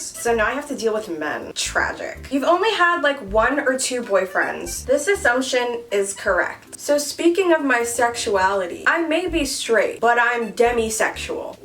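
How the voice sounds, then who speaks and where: A woman's voice: a little high, fairly bright tone. A young woman chatting casually while doing her makeup, frank and joking, cursing freely as a beauty vlogger. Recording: voice a bit far from the mic.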